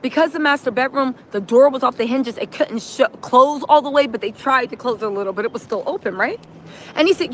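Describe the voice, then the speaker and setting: Lively high-pitched woman streamer. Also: brisk, slight background noise. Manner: animated storytelling with voiced quotes; punctuates with "right?". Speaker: streamer host. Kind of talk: reaction livestream recap.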